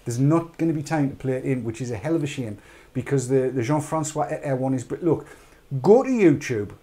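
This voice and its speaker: A man's voice: medium pitch, quick pace, dark tone. A British man hosting a live online chat show, rambling and urging viewers on with jokey asides. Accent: British English.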